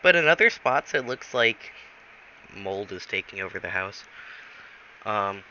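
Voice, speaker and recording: A man telling an improvised story in a rambling, halting way, in a dull lo-fi recording. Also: lowish voice, expressive, pushed and bright, slight background noise. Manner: rambling, halting, many fillers.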